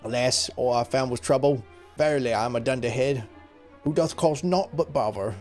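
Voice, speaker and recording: A man's voice: medium pitch, moderate pace, a little mellow, soft background music, lightly acted. A man voicing a bumbling, apologetic male thief with a put-on British accent and mock-old-fashioned speech. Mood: contrite. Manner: mock-archaic, rambling.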